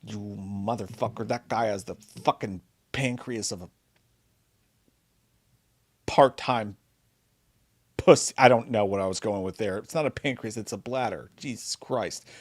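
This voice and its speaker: A man co-hosting a live movie chat stream, joking and swearing through excitable rants. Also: medium pitch, normal speed, dry recording, clean studio sound. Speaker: co-host of a live movie show.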